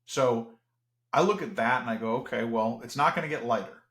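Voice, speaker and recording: A man's voice: mid-range voice, fairly quick, a bit bright, echoey room. A man as an interview guest, talking in an earnest, reflective way with frequent restarts. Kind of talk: casual podcast conversation.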